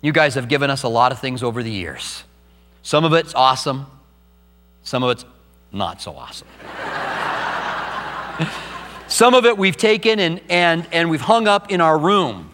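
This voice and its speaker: Middle-aged male pastor, slightly high voice, earnest personal sermon, reverberant church hall. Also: normal speed, background noise.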